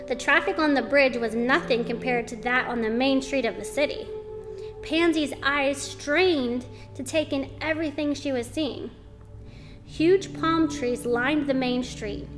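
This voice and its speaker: A woman reading a children's chapter book aloud in an expressive storytelling way. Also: sits high. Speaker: story reader.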